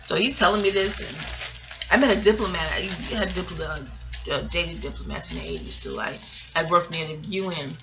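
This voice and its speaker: A middle-aged New York woman with a New York accent tells a personal memoir story to camera in a fairly low, animated voice at normal speed. She's candid, rambling and profane, chuckling as she goes. The recording is muffled.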